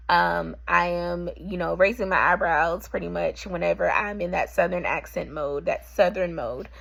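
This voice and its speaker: A young woman speaks in a low voice with a gravelly edge, explaining a class assignment in an unscripted way. She pauses often and restarts her sentences as she thinks aloud. Her voice sounds slightly husky. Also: low-quality recording. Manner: halting, with frequent ums and self-corrections. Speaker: patient representative. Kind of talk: reflective monologue for a class assignment.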